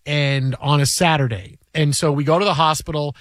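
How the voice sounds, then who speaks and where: A man in his forties hosting a sports radio show, chatting and telling a story with lively acted-out quotes. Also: a little high, moderate pace, dry recording. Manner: animated, acts out voices when telling a story. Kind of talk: casual sports talk and storytelling.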